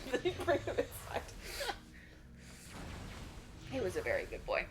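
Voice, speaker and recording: A woman's voice: fairly high pitch, sing-song, brisk, long pauses, noisy background. A woman chatting casually during a charity game marathon, rambling through stories and often laughing as she acts out her dogs in playful voices. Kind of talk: casual chat over a game stream.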